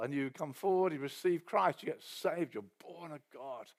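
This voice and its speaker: A man preaching a sermon in a conversational storytelling way, often dropping to a soft aside and acting out quoted voices. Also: on the high side, normal speed, hardly any pauses.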